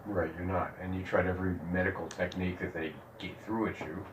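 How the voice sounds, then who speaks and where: A very deep-voiced male therapist, calm and reassuring, heard from some distance in a roomy space with faint background ambience. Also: fairly quick, background noise. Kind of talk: supportive counseling.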